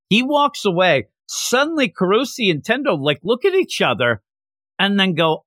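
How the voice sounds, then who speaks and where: An animated man chatting casually as a podcast co-host, laughing as he goes. His voice sits a little high, swings widely in pitch and sounds bright. The sound is dry and close. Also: normal speed, no room sound. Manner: animated, laughing, retelling scenes.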